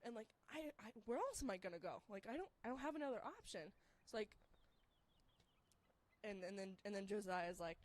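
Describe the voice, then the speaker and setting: A young woman telling a story in casual chat, rambling with many fillers and turning shrill and laughing when excited. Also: brisk.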